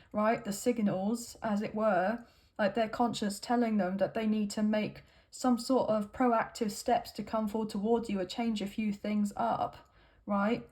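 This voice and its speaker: A woman's voice: medium pitch, warm tone. A woman tarot reader giving a casual, rambling reading with lots of fillers and "right?" tags.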